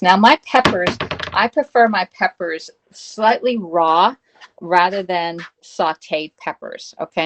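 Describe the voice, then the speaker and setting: A woman hosting a live cooking stream from her home kitchen, talking casually, greeting viewers by name and checking in with "all right?". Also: lowish voice. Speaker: livestream cooking host.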